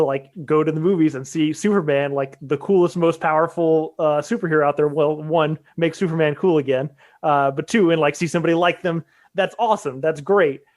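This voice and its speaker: Podcast cohost guy, slightly high voice, um-ing and restarting a lot. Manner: halting, hedging, thinks aloud with restarts. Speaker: podcast co-host. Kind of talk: casual chat.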